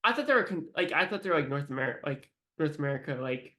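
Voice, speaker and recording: A man with a somewhat high voice talks loosely with friends over a text adventure. He rambles, circling back with filler words as he works out his thought. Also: animated, fast, sharp tone. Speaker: player. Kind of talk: casual chat while playing a text adventure.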